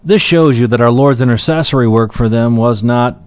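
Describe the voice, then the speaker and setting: A man's voice: mid-range voice, moderate pace, darkish tone, clean tone, no room sound. A middle-aged man teaching verse by verse through a Bible passage, reading scripture aloud and then explaining it plainly with frequent fillers. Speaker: preacher. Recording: dry, muffled lo-fi recording.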